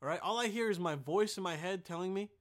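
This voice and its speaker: A young man hosting a podcast in a casual, rambling monologue, profane and excitable, with sudden loud bursts. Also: high voice, fast talker. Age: young adult. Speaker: podcast host.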